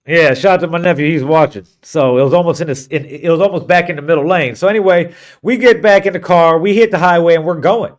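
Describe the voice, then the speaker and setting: Brief: man, high-pitched voice, podcast co-host, animated swearing storyteller. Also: fast talker. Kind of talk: casual storytelling chat.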